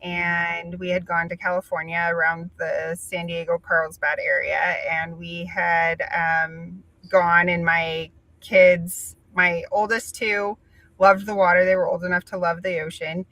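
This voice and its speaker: A woman's voice: lowish voice, little pitch movement, unhurried, sharp tone, dry recording, rough recording. A woman hosting an interview, talking casually and chattily with lots of fillers. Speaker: podcast host.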